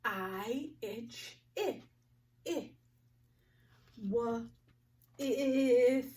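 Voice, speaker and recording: Slow, careful woman teaching phonics. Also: on the high side, a little mellow, far from the mic. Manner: sounds out words slowly, clearly articulated. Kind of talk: slow phonics lesson for young children.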